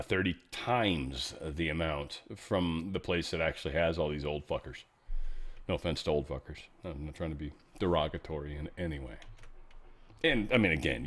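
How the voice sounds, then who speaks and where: A man's voice: low voice, normal speed, a bit bright. Sarcastic, swearing male news ranter. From California. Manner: sarcastic, profane and ranting. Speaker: show host. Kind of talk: casual news commentary.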